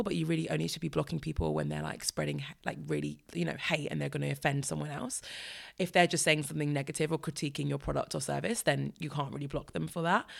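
A woman's voice: fairly low pitch, vocal fry. A British woman hosting a podcast, talking frankly and chattily with self-deprecating asides. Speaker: podcast host. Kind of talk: solo podcast advice talk.

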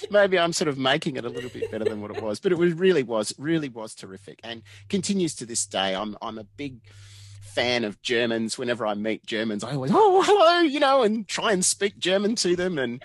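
A man's voice: mid-range voice, brisk, no echo. A man in his fifties with an Australian accent, a guest in an interview telling stories from his working life. He laughs often and acts out what other people said. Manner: animated, laughs often, acts out quoted dialogue. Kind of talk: casual storytelling interview.

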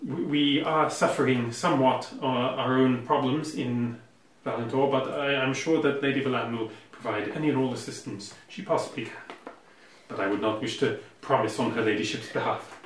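A man plays a measured male retainer in a tabletop game, formal and guarded, hedging with small hesitations. The voice sits at an ordinary middle pitch, caught from a distance in an echoey room with light hiss. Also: steady tone, lightly acted.

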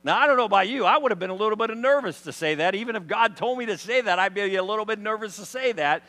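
A man's voice: high-pitched, lively intonation, fast talker, sharp tone. A man preaching a sermon in a conversational storytelling style, full of rhetorical questions, in a church hall. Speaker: pastor. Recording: long hall reverb.

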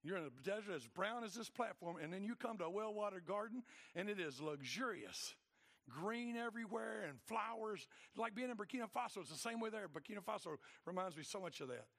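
A male preacher with a gravelly, rather high voice that leaps up and down as he preaches. His delivery is colloquial and emphatic, swinging from soft asides to loud exhortation. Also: expressive, fairly quick. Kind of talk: sermon.

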